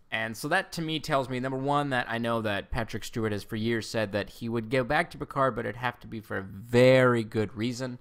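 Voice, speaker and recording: A man's voice: medium pitch, brisk, hardly any pauses, clean tone. A man giving casual video commentary on entertainment news, rambling with many fillers and self-corrections. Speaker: Star Trek news commentator.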